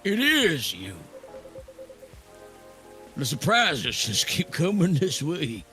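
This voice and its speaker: A man chatting casually on a stream, animated, with frequent stumbling restarts. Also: a little high, slow pace, soft background music. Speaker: guest streamer. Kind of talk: casual chat while streaming.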